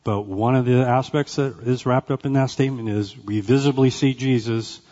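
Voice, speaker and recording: A man teaching a Bible class in a conversational way, often checking in with "right?" and "okay?" and pausing with "uh" between phrases. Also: mid-range voice, steady tone, warm tone, dull audio.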